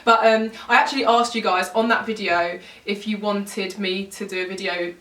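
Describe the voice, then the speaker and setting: A young woman chatting quickly and teasingly while doing makeup in a beauty vlog, recorded indoors at home. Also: medium pitch, steady tone, a bit bright. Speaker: beauty vlogger. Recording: roomy sound, mic at a distance.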